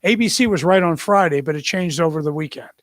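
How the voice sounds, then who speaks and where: A man in his sixties, a retired military officer, telling anecdotes in an animated way and acting out the people in them. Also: a little high, fast, dry recording. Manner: animated storyteller who acts out the people in his story. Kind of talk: anecdotal storytelling.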